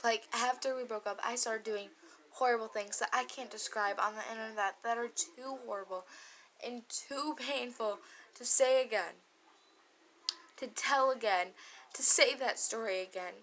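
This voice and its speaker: Woman vlogger, bright and sharp tone, candid and emotional storytelling with frequent swearing. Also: on the high side, moderate pace, low-quality recording. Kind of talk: confessional storytime vlog.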